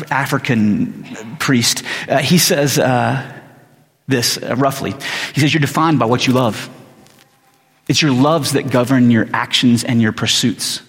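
Pastor guy giving a chatty sermon, lots of likes and uhs, echoing church hall. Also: creaky. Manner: conversational, many fillers, rises in pitch when excited. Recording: reverberant hall.

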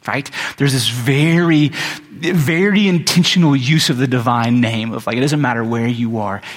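A man preaching in a casual, conversational way, often pausing to ask "right?" His voice is a little husky, and a long hall reverb trails after each phrase. His pitch sits in an ordinary middle range. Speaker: pastor. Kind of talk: sermon with scripture reading.

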